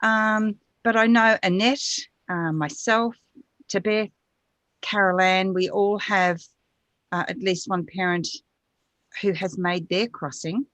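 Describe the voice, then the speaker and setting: A woman hosting a live stream, welcoming viewers in a soft, unhurried way with frequent hesitations. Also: mid-range voice, fairly even intonation, no room sound. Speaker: host. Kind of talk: casual chat.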